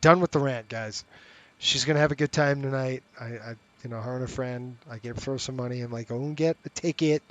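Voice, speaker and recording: A man's voice: mid-range voice, fairly even intonation, a little fast, fairly bright tone, highs cut off. A middle-aged man streaming a flight sim, chatting casually and talking straight to his viewers. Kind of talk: casual live-stream chat and commentary.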